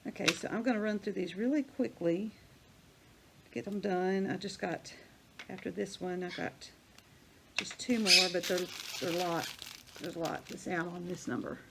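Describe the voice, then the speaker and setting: An older woman, chatting casually and thinking out loud as she demonstrates a craft project. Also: fairly low pitch, moderate pace, gravelly, pauses often, noisy background. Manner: chatty, rambling, thinks aloud while working. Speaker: crafting vlogger.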